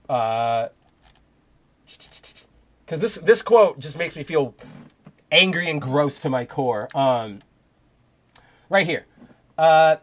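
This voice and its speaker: A young man hosting a podcast, talking in rambling casual commentary with many restarts and heated bursts of profanity. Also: on the high side. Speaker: podcast host.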